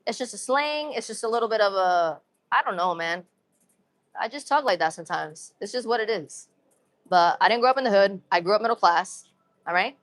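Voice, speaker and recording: A young woman from Massachusetts chats casually and upbeat with her livestream viewers, using a New England accent, some urban slang, and frequently repeated phrases. Her mid-range voice is expressive, brisk, and fairly bright, recorded with no room sound.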